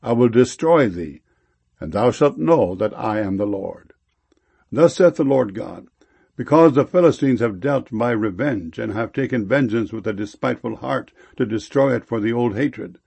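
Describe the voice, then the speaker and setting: A man giving a solemn scripture reading in a slow, measured way. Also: medium pitch, animated, vocal fry, a little mellow, slightly rough. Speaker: scripture reader.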